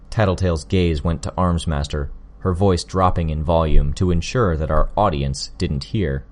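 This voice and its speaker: A man narrating an audiobook in a calm, even way. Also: deep voice, moderate pace, hardly any pauses. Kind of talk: scripted narration.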